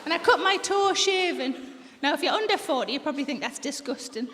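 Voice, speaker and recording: High-voiced woman comic in a big hall. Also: a little fast, noisy background. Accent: North East English. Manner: bawdy deadpan storytelling, acts out quoted voices. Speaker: stand-up comedian. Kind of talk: stand-up comedy set. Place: large theatre with live audience. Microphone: stage microphone. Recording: reverberant hall, loud audience laughter.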